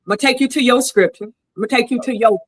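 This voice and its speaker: A woman's rapid-fire, rather high voice comes through on poor audio. As a debate guest in a heated exchange, she argues combatively and preachily, leaning on scripture.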